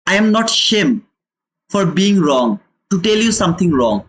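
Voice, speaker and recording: A man's voice: sits high, very animated, measured pace, fairly bright tone, a little hiss or hum. A man hosting a live trading lesson, lecturing viewers emphatically and repeating phrases for stress. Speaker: trading educator and channel host.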